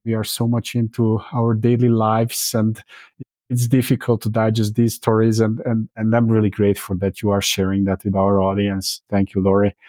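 A man hosting a podcast speaks haltingly, often restarting as he searches for words. His voice is low and mellow, and the sound is dry and close. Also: no echo. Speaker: podcast host. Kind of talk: podcast interview.

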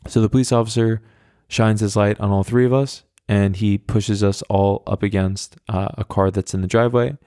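A man's voice: on the low side, steady tone, normal speed, dark tone, dry recording, clean studio sound. A young man in his twenties hosting a podcast, telling a long story in a rambling, wry way with plenty of swearing. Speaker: podcast host. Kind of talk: casual storytelling monologue.

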